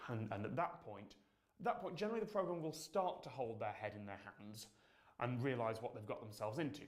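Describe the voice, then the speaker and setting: A man's voice: medium pitch, lively intonation, fairly quick. A man presenting a scripted explainer in a wry, storytelling manner. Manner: wry, storytelling, self-deprecating.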